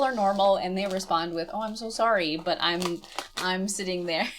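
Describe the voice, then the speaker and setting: A woman's voice: lowish voice, moderate pace, faint music behind. A woman casually telling an awkward personal story, rambling and often laughing at herself.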